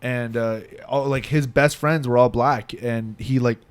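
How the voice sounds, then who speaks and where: Joking young podcast co-host. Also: male voice, medium pitch, steady tone, unhurried, clean tone. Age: early 20s. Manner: joking, banters with filler words. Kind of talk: casual chat.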